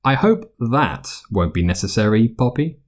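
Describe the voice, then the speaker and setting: A man's voice: lowish voice, big pitch swings, moderate pace. A man as a weary old headmaster. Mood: grave. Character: weary elderly male headmaster, gentle and grave.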